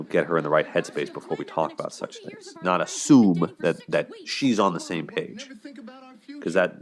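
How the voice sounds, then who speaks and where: A man giving casual, rambling commentary on a TV couple's fights, with many fillers, sometimes acting out their lines. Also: sits low. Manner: rambling, frequent fillers, acts out quotes. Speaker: relationship commentator.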